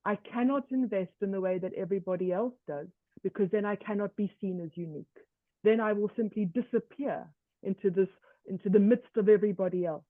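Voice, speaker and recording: A woman presenting a workshop lecture in a measured way, often slipping into first-person examples. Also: mid-range voice, no echo. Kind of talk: online lecture. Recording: tinny dry call audio.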